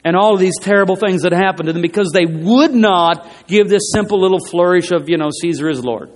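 A high-pitched male preacher delivers an emphatic sermon and doubles back on his phrases to drive each point home. His voice rings out through the long reverb of a church hall. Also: a little fast. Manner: emphatic, repeats phrases, rising and falling delivery.

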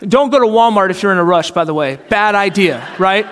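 The pastor's voice sits high and a bit bright, expressive and a little quick, as he gives a chatty sermon. He plays the people in his story and throws out rhetorical questions; the room has hall reverb.

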